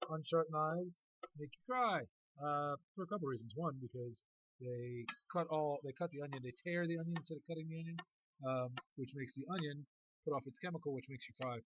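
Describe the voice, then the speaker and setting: Chatty man chef, slightly high voice. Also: a little fast, a bit bright, dry recording, muffled recording. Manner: chatty and joking, with filler words. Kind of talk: casual cooking demonstration.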